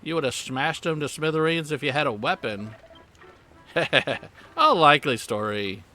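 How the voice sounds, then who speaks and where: A man's voice: a little high, expressive, measured pace, pushed and bright, soft background music, pitched above the performer's own voice. A man voicing a cocky, taunting sailor who picks fights, in a put-on Southern drawl. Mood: mocking. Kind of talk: reading game dialogue aloud.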